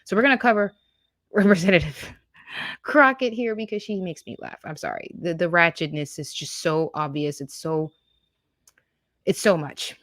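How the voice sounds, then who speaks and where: A woman's voice: deep voice, fairly bright tone, dry recording, clean studio sound. A woman hosting a political reaction show, scornful and sarcastic as she talks over clips. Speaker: political commentary host.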